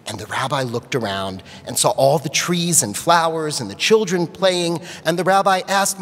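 Man, storyteller at worship, expressive, husky voice, long sanctuary reverb. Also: fairly high pitch, moderate pace, hardly any pauses. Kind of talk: storytelling at a service. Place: large sanctuary.

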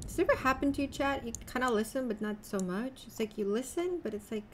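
A young woman with a fairly high voice rambles through a gameplay stream, talking straight to her chat in a loose, unpolished way and swearing now and then. A faint hiss sits under her voice. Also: lively intonation, quick pace. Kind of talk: casual gameplay chat with viewers.

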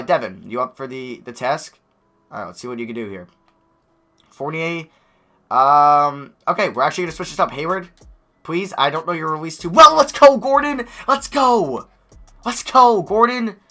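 A young man giving live commentary on a basketball video game, excitable, swinging from quiet muttering to loud yells. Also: mid-range voice. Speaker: gaming YouTuber.

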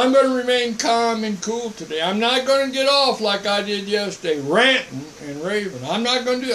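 An older man preaching informally to the camera, switching between mock calm and sarcastic emphasis. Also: high-pitched, a little hiss or hum, poor audio.

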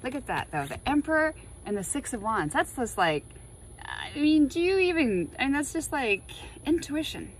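A woman chatting casually while laying out tarot cards, excitable and full of spiritual musings. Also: sits high, moderate pace, slight background noise, rough recording. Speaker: tarot reader.

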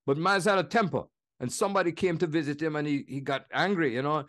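A man in his seventies with a Jamaican accent, telling stories in an animated, laughing way as an interview guest. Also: on the high side, a little fast. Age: 70s. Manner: animated, laughing, slips into impressions. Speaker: guest musician. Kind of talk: conversational storytelling interview.

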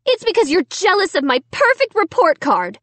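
A woman reading a storybook, voicing a spoiled teenage sister who shrieks in a shrill voice. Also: huge pitch swings, moderate pace, a bit bright, no room sound, heavily acted. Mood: shrieking.

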